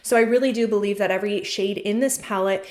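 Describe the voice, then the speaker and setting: A woman's voice: mid-range voice, steady tone, fast, a little mellow. A woman chatting enthusiastically through a casual makeup tutorial as a beauty vlogger, talking while she works. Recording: echoey room.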